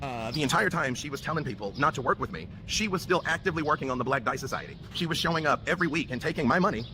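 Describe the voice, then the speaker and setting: Man rushing through a bitter story. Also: on the high side, animated, background noise. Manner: rapid, bitter recounting. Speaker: guest recounting a dispute. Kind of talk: played video clip of personal account.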